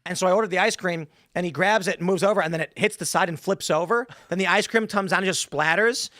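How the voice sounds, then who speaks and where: A quick-talking man with a bright, forceful voice chats on a podcast panel. He tells his stories with animation, jumping into a higher voice to act out what people said. The sound is dry and close to the mic. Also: no echo. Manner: animated storyteller who acts out quotes in a higher voice. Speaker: podcast host. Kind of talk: casual panel chat.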